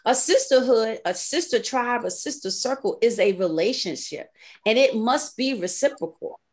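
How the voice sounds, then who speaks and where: A lively woman, telling stories in a casual podcast chat. Her voice sits a little high, and she laughs easily between her points. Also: moderate pace. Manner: animated storyteller, laughs often, acts out quoted voices. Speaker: podcast host.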